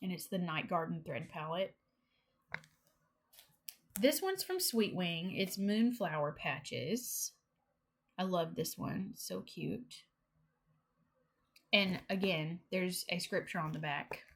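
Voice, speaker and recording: A young woman casually chatting through a cross-stitch haul, excitable and gushing, with giggles. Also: fairly low pitch, slow, pauses often. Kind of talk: casual show-and-tell haul chat.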